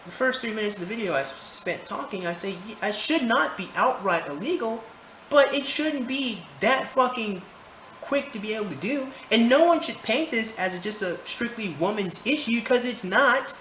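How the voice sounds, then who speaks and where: A man's voice: extremely high pitch, lively intonation, moderate pace, pushed and bright. A man ranting his opinions to camera, heated, profane and rambling, recorded indoors. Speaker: vlogger. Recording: roomy echo, faint background noise.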